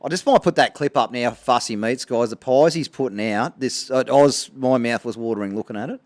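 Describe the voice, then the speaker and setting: A man's voice: mid-range voice, fairly quick. An Australian man co-hosting a podcast, chatting casually and easily, with lots of "yeah, no". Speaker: podcast co-host. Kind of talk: casual chat.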